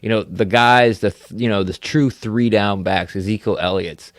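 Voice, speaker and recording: A man's voice: fairly low pitch, steady tone, normal speed, dry recording, clean studio sound. A man co-hosting a casual sports podcast who rambles, leans on lots of fillers, and laughs easily. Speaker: podcast co-host.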